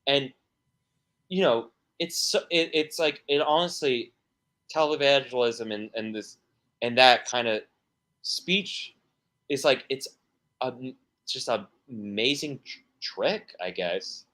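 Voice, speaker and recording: A man's voice: mid-range voice, slow, pauses often, a bit bright. A man, a musician guest on a podcast, talking casually and rambling through stories with many restarts and fillers.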